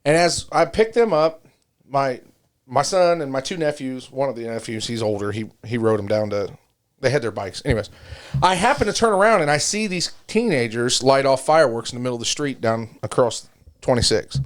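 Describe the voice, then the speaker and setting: A man's voice: mid-range voice, very animated, fairly quick. A middle-aged man on a casual podcast, telling a joking, profane story. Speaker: podcast co-host. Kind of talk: casual chat.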